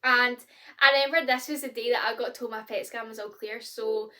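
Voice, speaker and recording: A young Scottish woman in her twenties, chatting casually to camera as a vlogger, candid and expressive with lots of fillers. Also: fairly high pitch, fairly quick.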